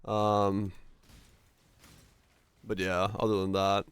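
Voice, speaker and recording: A man with a neutral American broadcaster-like accent, livestreaming and chatting casually in a relaxed, rambling way. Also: lowish voice, very slow, clear, resonant tone, no room sound. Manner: relaxed, rambling, many fillers. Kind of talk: casual chat while gaming.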